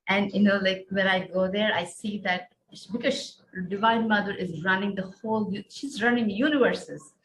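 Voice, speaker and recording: A middle-aged woman from India, earnest and soft-spoken, speaks into a podcast microphone at a middle pitch. She tells her vision as a story, with frequent restarts and "you know"s, while faint noise sits under her voice. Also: moderate pace, hardly any pauses, rough recording. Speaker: guest. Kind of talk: guided visualization storytelling.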